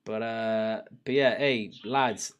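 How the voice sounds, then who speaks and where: A young Welshman from Cardiff hosts a livestream, chatting casually with viewers, rambling and swearing freely. His voice is fairly low, smooth and steady, and he speaks slowly. The audio sounds dull.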